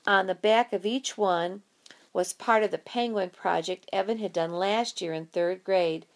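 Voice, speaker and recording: A woman narrating an audiobook in a lively, expressive storytelling way. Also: mid-range voice, measured pace.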